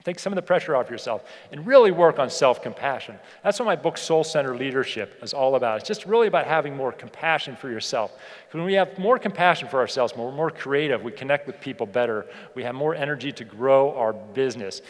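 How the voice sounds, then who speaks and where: A man giving a motivational keynote speech to an audience. He asks them rhetorical questions and slows down to stress key points. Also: medium pitch, expressive. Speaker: keynote speaker. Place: large hall on stage. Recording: long hall reverb.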